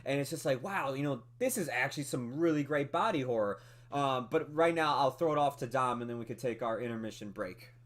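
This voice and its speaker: A man co-hosting a movie podcast, talking through a film review in a casual, animated way with lots of fillers and laughs. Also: mid-range voice, fairly quick. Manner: animated, chatty, many fillers, laughs often.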